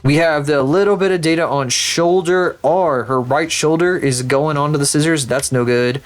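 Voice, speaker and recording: Faint music plays behind a man livestreaming his 3D rigging work. His mid-range voice keeps a fairly even intonation at a moderate pace as he talks to viewers, rambling, sarcastic and heavily profane.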